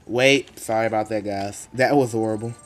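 A man giving live gameplay commentary in a jokey, excitable way, bursting into loud outbursts and then muttering low. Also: moderate pace. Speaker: gaming commentator.

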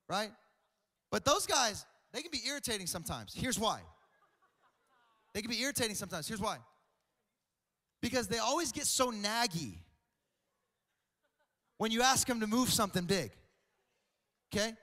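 A young adult man preaching a comedic sermon, animated and joking, often repeating words. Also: sits high, normal speed, pauses often. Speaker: pastor. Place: large church auditorium. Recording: reverberant church hall.

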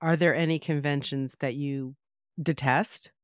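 A host asking a guest measured, steady questions in an interview. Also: medium pitch, no echo, clean studio sound.

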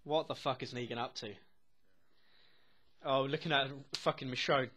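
A young man reacting to a TV episode as he watches. He talks excitedly, swears constantly and often laughs. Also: medium pitch, normal speed. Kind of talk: live reaction commentary.

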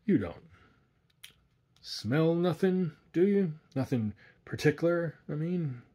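A man voicing a grim, uneasy backwoods guide who talks in rough, hushed backwoods speech. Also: fairly high pitch, animated, slow, voice pushed up.

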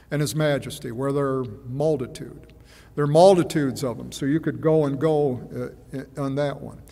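A man preaching a sermon in a measured, musing way, often hesitating and repeating himself. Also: fairly high pitch, a little mellow. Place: church. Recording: long church reverb.

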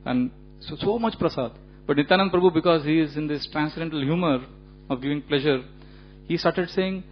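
A man giving a religious lecture, telling stories in an animated way with frequent chuckles and casual fillers. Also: on the high side, fairly quick. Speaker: speaker giving a temple lecture. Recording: dull lo-fi recording with faint hum.

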